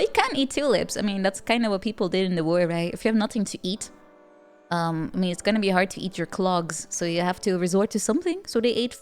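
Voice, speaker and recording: A streamer with a Dutch accent and a mid-range voice chats casually with her viewers. She giggles often and stammers through playful restarts.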